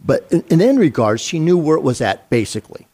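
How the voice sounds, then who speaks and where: A man's voice: fairly high pitch, big pitch swings, fast talker, a little mellow, slightly rough. A middle-aged man, a retired police sergeant, telling a story in an interview in an earnest, conversational way with fillers and restarts.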